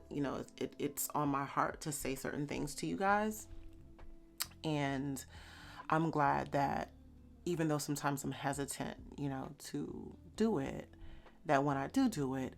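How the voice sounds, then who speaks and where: A woman's voice: sits low, vocal fry. A young adult woman talking casually to camera in her vlog, chatty and heartfelt, with frequent fillers. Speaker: vlogger.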